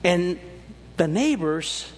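A man's voice: animated, extremely slow, long reverb tail. A man preaching a sermon as pastor, swinging his voice up and down as he explains scripture. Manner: preaching with sweeping rises and drops in pitch.

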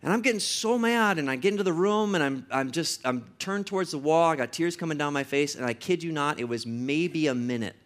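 A man's voice: fairly high pitch, fairly quick, few pauses. A man in his thirties, a pastor, telling a personal story in a sermon, his delivery rising to emotional emphasis.

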